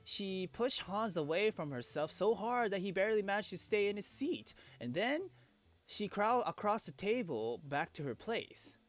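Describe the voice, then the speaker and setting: A man reading a visual novel aloud in a casual playthrough, animated and joking. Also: sits high, moderate pace. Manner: animated, joking, swears freely.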